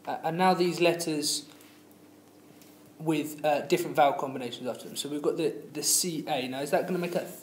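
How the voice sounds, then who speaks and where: A man's voice: fairly high pitch, steady tone, brisk. A man teacher explaining pronunciation rules patiently, with many fillers and restarts. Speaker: language teacher. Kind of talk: classroom lesson. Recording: echoey room with faint noise.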